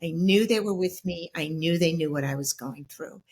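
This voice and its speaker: A middle-aged woman with a slightly low voice recounts her own experiences as an interview guest. She speaks reflectively, halting and restarting with frequent fillers as she searches for words. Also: a little mellow. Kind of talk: personal storytelling in an interview.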